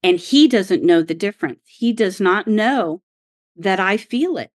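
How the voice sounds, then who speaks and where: A middle-aged woman from Oklahoma, a golf caddie guest telling a story in a lively, emphatic, exasperated way. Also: mid-range voice, measured pace, no echo, clean studio sound. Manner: animated, emphatic, exasperated retelling. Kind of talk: casual storytelling.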